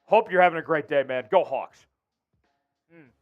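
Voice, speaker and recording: A man's voice: a little high, moderate pace, narrow, tinny audio, faint music behind. A man hosting a casual sports talk livestream, upbeat, reading out viewer messages and chatting with his co-host. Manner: upbeat, reads viewer messages and shouts chants. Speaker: show host.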